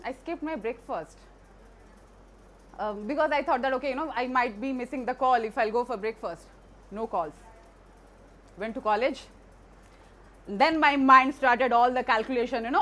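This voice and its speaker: A woman's voice: sits high, a bit bright. A woman, earnestly telling a personal story to an audience, with frequent restarts and fillers.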